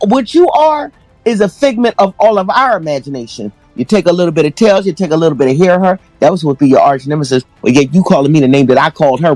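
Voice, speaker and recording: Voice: mid-range voice, darkish tone, dry recording. Host ranting on a livestream, cursing a lot, campy slang, voice jumps all over, dry sound, faint music under. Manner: brash, profane, campy, slangy. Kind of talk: profane drama-commentary livestream.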